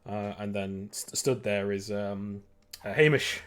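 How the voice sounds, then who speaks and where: A man's voice: lowish voice, a little slow, smooth. A man narrating a sci-fi tabletop game as game master, rambling with many fillers and restarts.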